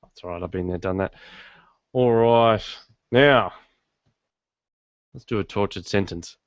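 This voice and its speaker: A man's voice: lowish voice, a little slow, no echo. A man hosting a podcast from his garage, chatting casually in a rambling, self-deprecating way. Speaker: podcast host. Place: home studio in his garage. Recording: dull lo-fi dry sound.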